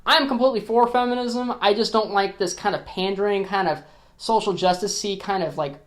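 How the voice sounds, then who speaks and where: A man's voice: sits high, brisk. A man sounds off about a film he disliked in a loose, conversational rant. His talk is blunt and sprinkled with profanity, and he trips over and restarts his words. He keeps reaching for his viewers with "like" and "you know what I mean". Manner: restarts and repeats words often. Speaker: film reviewer on his own channel. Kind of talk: casual opinion rant to camera.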